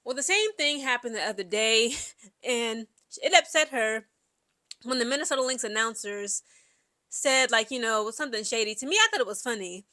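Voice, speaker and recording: A woman's voice: a little high, moderate pace, no echo. A young woman, giving casual, chatty sports commentary full of fillers and reading an article aloud. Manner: chatty, animated, many "like" and "you know" fillers.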